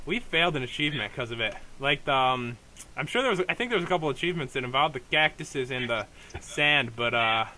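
A man's voice: mid-range voice, animated, quick pace, pushed and bright, a little hiss or hum. A young man hosting a game let's play, talking casually with lots of fillers and restarts. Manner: rambling, hesitant, many fillers and restarts. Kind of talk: casual gameplay commentary.

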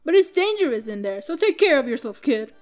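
A woman's voice: high voice, big pitch swings, brisk, darkish tone, faint music behind. A woman reading out a grumpy young man who is fed up with his father. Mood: sulky. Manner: scornful, blunt.

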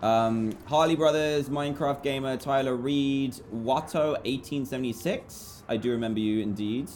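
A man's voice: mid-range voice, moderate pace, hardly any pauses, darkish tone. British man, young, live game stream chatter, reads donor names, faint noise behind.

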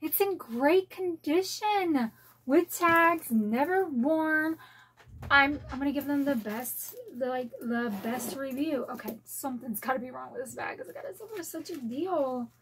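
A middle-aged woman chatting excitedly at home as she unboxes a collectible bag, gasping and gushing. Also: sits high, unhurried. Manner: gushing, gasping, repeats "oh my" exclamations. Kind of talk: excited unboxing vlog chat. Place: home, dogs barking nearby.

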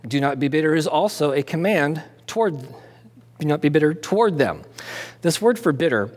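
A man preaching an expository sermon as pastor, conversational and animated, asking and answering his own questions and dropping jokey asides. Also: a little high, moderate pace. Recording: long hall reverb.

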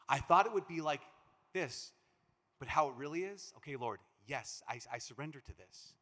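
A man from Minnesota, a priest giving a conference talk, an animated storyteller who acts out the quotes he tells. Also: a little high, normal speed. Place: large conference hall. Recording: long reverb of a big hall.

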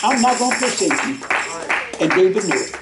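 A man's voice: high-pitched, very animated, fairly quick, over loud music, a loud crowd. A man preaching a sermon in call-and-response style, shifting his voice dramatically when he quotes.

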